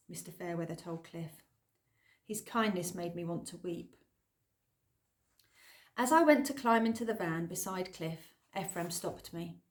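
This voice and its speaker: A woman narrating an audiobook in an expressive, lively storytelling manner. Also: on the low side, unhurried, pauses often. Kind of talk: scripted narration.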